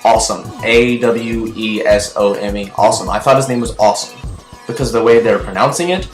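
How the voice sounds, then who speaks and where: A young man giving a casual, rambling TV episode review, chatty and excitable, full of fillers and restarts. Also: fairly low pitch, a little fast. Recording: echoey room with faint music.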